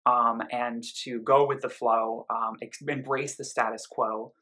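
A man's voice: medium pitch, level tone, a little slow, sharp tone, rough recording. A man giving a casual spoken album review, explaining his ideas in loose bursts full of "um" and "you know" asides.

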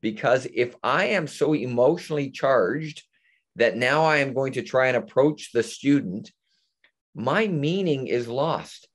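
On a webinar over a video call, a man gives an explanatory panel talk, gesturing animatedly with his hands and acting out example sentences. His voice is medium in pitch and his delivery unhurried.

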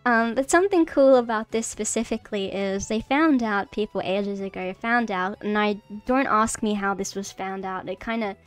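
A woman's voice: medium pitch, moderate pace, hardly any pauses, smooth. A woman streamer giving a casual livestream lesson, nervous and giggly, rambling with many fillers and restarts. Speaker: streamer teaching mycology. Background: faint background music.

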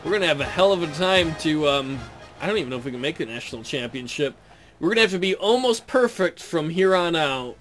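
A man's voice: a little high, lively intonation, normal speed, fairly bright tone, soft background music. A young man commentating his own football video game, frustrated and ranting at the coach. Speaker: gaming commentator. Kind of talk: let's play commentary.

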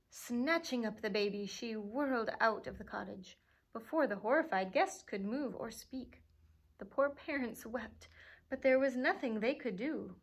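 A woman librarian reads a classic fairy tale aloud for children at story time. Her voice sits a little high, and she reads expressively, dropping into playful asides along the way. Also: fairly bright tone.

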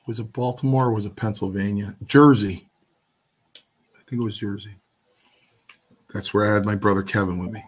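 A man sits for an interview and tells a story casually. His voice is slightly low and husky. He brings his quotes to life by doing the other people's voices. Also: fairly even intonation, moderate pace, pauses often. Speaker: interview guest.

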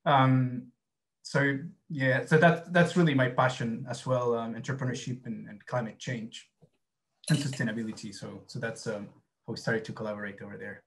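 A man with an Argentine accent, a native Spanish speaker, speaks in a mid-range voice. He presents in English at an academic conference, halting and restarting often with uhs and ums. He speaks over a video call. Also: medium pitch, fairly even intonation. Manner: halting, with many restarts and fillers. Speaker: university program officer presenting.

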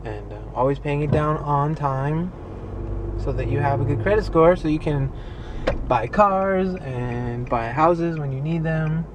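A man's voice: a little high, a little slow. Man vlogger, allergy-stuffy voice, rambling asides, street traffic noise behind, handheld camera. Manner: rambling, offhand. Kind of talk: casual vlog chat. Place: driving around town, outdoors and in a car. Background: traffic and city ambience.

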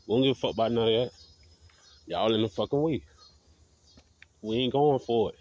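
Male vlogger, mid-pitched, confrontational profane monologue, muffled lo-fi sound. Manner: confrontational, repetitive, heavy swearing. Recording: dull lo-fi audio.

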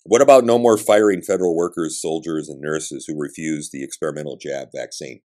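A man's voice: extremely low pitch, a little fast, a little mellow. A man hosting a podcast, delivering a combative political monologue with blunt, emphatic ranting and profanity. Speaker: podcast host.

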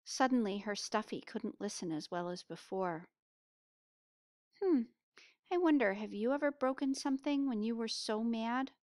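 A woman reading a picture book aloud to children, pausing to ask them questions. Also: on the high side, no echo, studio quality. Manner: asks listeners questions, expressive. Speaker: storybook reader.

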